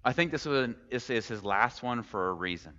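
A male pastor gives a sermon in a relaxed, conversational tone, asking the congregation question after question and dropping in plainspoken humor. His voice rings through a large reverberant church hall. The recording sounds muffled and a little dull. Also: medium pitch, moderate pace.

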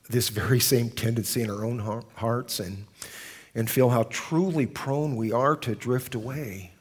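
Male pastor, sermon delivery; earnest and deliberate, medium-pitched voice. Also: breathy edge. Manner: earnest storytelling with slowed, emphatic phrases. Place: church service.

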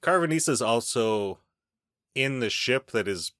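A man hosting a casual podcast chat, animated, laughing often and swearing offhandedly. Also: mid-range voice, a little slow, no room sound, studio quality. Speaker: podcast host.

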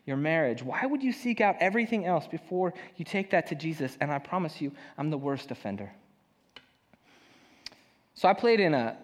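A young man preaching a sermon as a pastor, telling a personal story in a casual, self-deprecating way. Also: mid-range voice. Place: church hall. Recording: long hall reverb.

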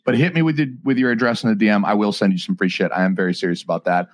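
A man's voice: fairly low pitch, expressive, racing. A man in his thirties hosting a podcast livestream, rambling through crude jokes with lots of restarts. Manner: rambling, joking, with many restarts. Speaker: podcast host. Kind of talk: crude comedic banter on a livestream.

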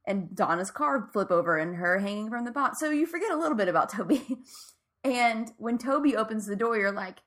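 A woman in a casual TV recap chat, animated and often laughing as she talks through scenes. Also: on the high side, fairly quick. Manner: animated, laughs often, quotes lines in funny voices.

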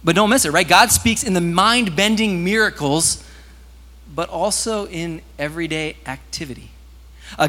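A man preaches a sermon, talking to his congregation in a casual, animated way. His voice sits a bit high and climbs loud at the peaks. A long reverb from a large hall trails each phrase. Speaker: pastor.

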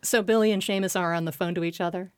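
A woman's voice: fairly low pitch, steady tone, fast, smooth, no echo. A woman hosting a podcast in a studio, telling jokes playfully and chatting with her guest. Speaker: podcast host. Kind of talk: casual interview chat.

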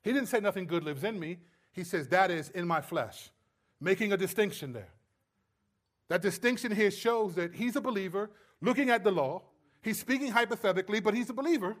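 Male pastor, sermon, emphatic, slightly high-pitched. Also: brisk. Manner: emphatic, swings between loud stresses and low quiet asides.

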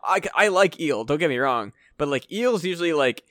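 A man with a slightly raised pitch rants loosely on his own podcast, swearing as he goes. He sits close to the mic in a dry, dead room. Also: a little fast, no echo. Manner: profane, ranting, animated. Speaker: podcast co-host. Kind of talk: casual podcast chat.

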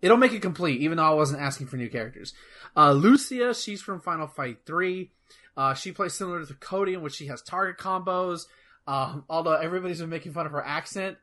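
Bright-voiced excitable young-sounding man. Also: on the high side, brisk. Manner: rambling, excitable, swears freely. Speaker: podcast co-host. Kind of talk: casual gaming news chat.

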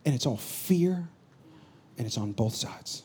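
A pastor preaching a sermon, swinging from loud urgent bursts to low confiding asides. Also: male voice, expressive, a little slow, slight background noise.

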